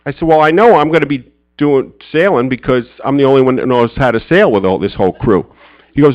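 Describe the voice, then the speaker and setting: A middle-aged man telling a personal story as a speaker at a men's church gathering. He is an animated storyteller who acts out friends' lines in a high, excited voice. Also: quick pace, highs cut off. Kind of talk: storytelling sermon.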